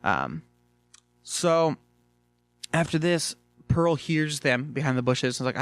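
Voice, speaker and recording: A man casually reviewing a cartoon episode, chatty and animated, swearing freely and filling gaps with "like" and "um". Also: fairly high pitch, takes it slowly, clean tone, no room sound. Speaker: video reviewer.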